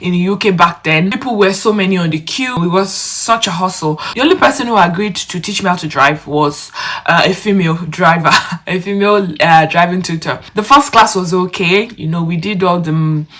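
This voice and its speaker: A woman's voice: on the low side, moderate pace, fairly bright tone. A young woman, talking to her viewers in a chatty, casual vlog. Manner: chatty, addresses viewers directly. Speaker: vlogger. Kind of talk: casual vlog talk to camera.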